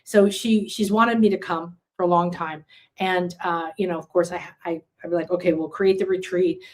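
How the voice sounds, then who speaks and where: A woman speaks at a normal pace in a lowish, fairly even voice, leading a casual live-streamed class as a spiritual teacher. She rambles through stories with many fillers and restarts, reading and answering comments from viewers, and is recorded on a computer setup with screen sharing.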